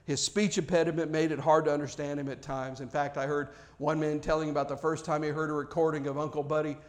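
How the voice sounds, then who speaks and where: A man's voice: fairly high pitch, level tone, fast. A man preaching a sermon as pastor of his church, earnest and emphatic, often restarting words as he builds to a point.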